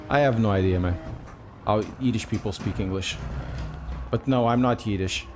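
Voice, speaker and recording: Over a noisy background, a man from Portugal talks to his stream chat while playing a racing game, his Portuguese accent clear and his swearing frequent. His fairly low voice keeps a measured pace and pauses often.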